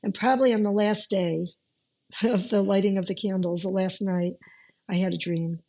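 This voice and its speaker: A woman's voice: mid-range voice, steady tone, normal speed, a little mellow. A middle-aged woman from the United States telling her life story in an interview, speaking conversationally and emotionally, with many restarts and fillers.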